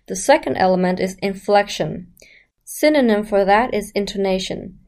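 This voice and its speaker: A woman's voice: medium pitch, lively intonation, normal speed, a little mellow. A woman teaching about the voice in a chatty, explanatory way, speaking straight to the listener and asking rhetorical questions. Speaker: voice coach. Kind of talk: casual explanatory lesson.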